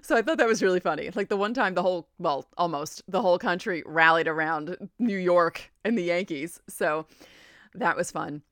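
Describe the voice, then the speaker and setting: A woman in her forties, a podcast host telling a story in a chatty, animated way. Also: lowish voice, normal speed, dry recording, clean studio sound. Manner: animated, chatty, laughs often. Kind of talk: casual storytelling.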